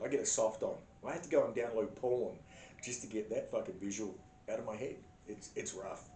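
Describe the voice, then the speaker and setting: An Australian man telling a crude comedic story in a blunt, sarcastic, heavily profane way. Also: darkish tone. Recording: echoey room with faint rumble.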